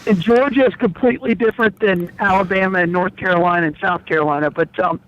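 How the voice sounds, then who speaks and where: This caller, also a blood bank representative ringing a radio show from a moving car, has a high, slightly bright voice and talks fast over a lo-fi line. His delivery wanders and is full of opinions and restarts.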